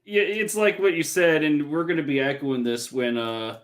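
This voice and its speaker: A man co-hosting a casual review podcast, halting with restarts and laughing often. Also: a little high, fairly even intonation. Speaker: podcast co-host.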